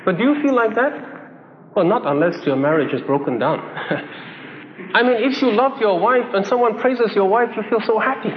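High-voiced man preaching in an echoey hall. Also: expressive, normal speed, pauses often. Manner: conversational preaching with acted-out dialogue and chuckles. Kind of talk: sermon. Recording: dull echoey hall recording with faint hiss.

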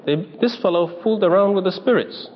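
Man preaching, high voice, long hall echo, muffled lo-fi recording, emphatic storyteller. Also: fairly quick. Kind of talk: sermon. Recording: dull lo-fi sound in a reverberant hall.

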